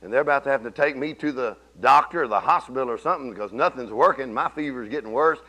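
Preacher man with a bright voice. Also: medium pitch, quick pace, low-quality recording. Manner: folksy storytelling, rising to emphatic bursts. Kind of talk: sermon.

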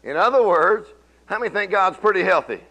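Folksy preacher, bright forceful voice. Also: male voice, lively intonation, fairly quick. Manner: folksy storytelling preacher, swings from low murmurs to loud exclamations. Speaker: pastor. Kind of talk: sermon.

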